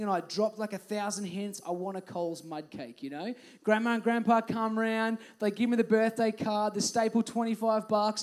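A man's voice: high-pitched, darkish tone. A young man with an Australian accent giving a chatty, storytelling youth group talk as youth pastor in a youth hall.

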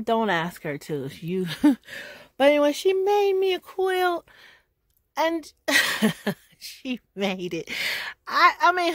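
Slow-talking excited woman vlogger. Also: high voice, no room sound. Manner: gushing, excited, repeats exclamations. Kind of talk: casual storytime vlog. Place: at home. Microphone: phone camera held in one hand.

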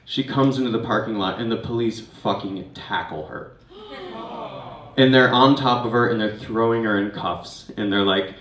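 A man's voice: mid-range voice, fairly quick, a bit bright. A man doing stand-up, casually telling a drunken story with plenty of swearing. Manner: casual, rambling, swears freely. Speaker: comedian and host. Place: small venue with live audience. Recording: echoey room from far off, faint noise.

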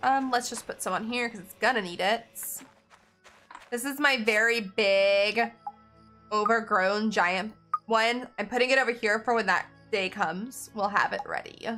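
A woman's voice: mid-range voice, a little slow, bright, forceful tone, faint music behind. A young woman casually talking through a game as she plays, thinking aloud and chatting to viewers. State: has the hiccups. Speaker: gaming channel host. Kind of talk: casual gameplay commentary.

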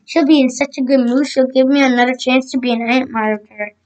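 An eager, mischievous little schoolboy from a storybook, bursting with big ideas, as a woman reads him aloud in a high voice. He talks fast, trips over a word and starts again. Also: fairly even intonation, darkish tone, close to an everyday voice. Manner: reads with slips and restarts.

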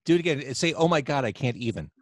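Lively, joking male podcast host. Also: medium pitch, quick pace, no room sound. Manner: upbeat, joking, teasing. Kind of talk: casual live video-chat interview. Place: home, indoors. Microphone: video call.

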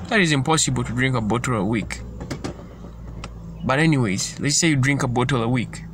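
A man's voice: mid-range voice, a little fast, long pauses, background noise. A man giving an informal sermon in an earnest, repetitive way, often stumbling and restarting his sentences. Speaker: preacher.

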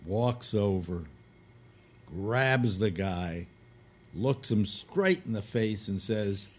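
A man with a low voice tells a rambling joke on a casual talk show. He swings his pitch widely as he acts out quotes. Faint noise sits behind him. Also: extremely slow. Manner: animated joke-telling with acted quotes, crude. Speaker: host telling a joke. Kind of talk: casual radio chat, storytelling.

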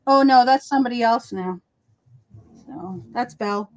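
A woman hosting a casual crafting livestream, chatting in a rambling, chatty way with quick asides. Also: a little high, a little mellow. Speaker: livestream host. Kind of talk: casual chat while crafting.

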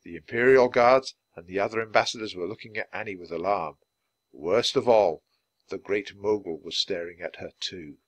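A man reading a children's chapter book aloud clearly, for language learners. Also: low-pitched, moderate pace, dry recording. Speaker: storybook reader.

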